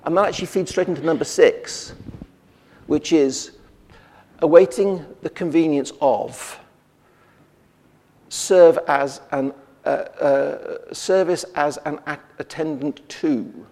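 A man delivers a sermon in a relaxed, conversational way, restarting phrases and asking the congregation rhetorical questions. His voice sits a little high for a man. It carries the long reverb of a church hall. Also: slow, pauses often. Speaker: preacher.

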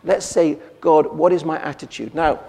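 A man delivers a sermon in a relaxed, conversational way, restarting phrases and asking the congregation rhetorical questions. His voice sits a little high for a man. It carries the long reverb of a church hall. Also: moderate pace, creaky. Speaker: preacher.

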